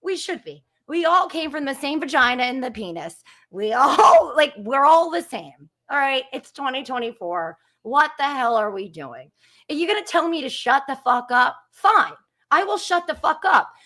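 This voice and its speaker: A woman in her thirties holds forth as a guest on a live stream, fired up and cursing freely. Her voice sits high and swings widely in pitch, with a bright, sharp edge. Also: big pitch swings, normal speed. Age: 30s. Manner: fired up, ranting with profanity. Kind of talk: heated live-stream chat.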